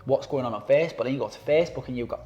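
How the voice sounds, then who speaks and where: A man with a mid-range voice talks rapid-fire, and the highs in the recording are cut off. He's an anti-knife-crime campaigner appearing as a podcast guest, chatting casually and rambling with fillers and restarts. An animated storyteller, he acts out quotes in different voices.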